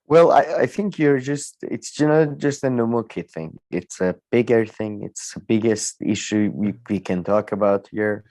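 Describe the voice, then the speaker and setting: A man co-hosting a casual podcast chat, animated and quick to laugh. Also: no echo. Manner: animated, laughs often, lively pitch. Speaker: co-host.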